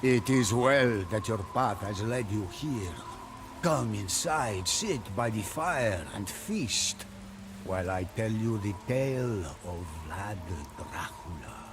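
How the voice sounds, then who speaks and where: A man voicing a grave, hospitable castle lord with a Wallachian accent, speaking slowly and solemnly in a game cutscene. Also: on the low side, lively intonation, background noise. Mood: welcoming.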